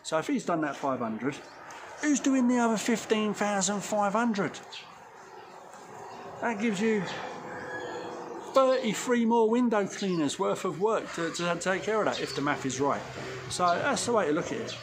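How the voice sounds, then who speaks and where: A man's voice: high-pitched, animated, unhurried, pauses often, noisy background. A man giving blunt, cheeky business advice to viewers in a casual vlog, recorded outdoors. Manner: blunt, cheeky, slangy, talks straight to viewers. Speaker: window cleaning business owner.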